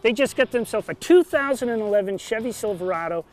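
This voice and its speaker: A man's voice: sits high, animated, fast talker, a little mellow, soft background music. A man co-hosting a local TV car-sales show, upbeat, listing features and urging viewers to hurry in. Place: car dealership lot.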